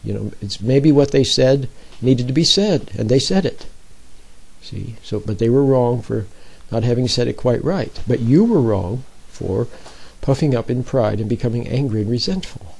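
Husky guy doing a chatty bible talk, kinda rough breathy voice. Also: mid-range voice, animated, moderate pace, a little mellow, rough recording. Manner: informal, checks in with listeners with repeated "see?". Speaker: speaker giving a Bible talk. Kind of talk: conversational sermon.

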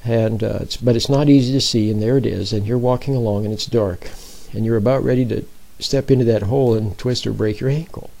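A man's voice: medium pitch, fairly even intonation, brisk, gravelly, hardly any pauses, dark tone, low-quality recording. A man giving an informal, conversational sermon, often checking in with his listeners. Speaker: speaker giving a Bible talk.

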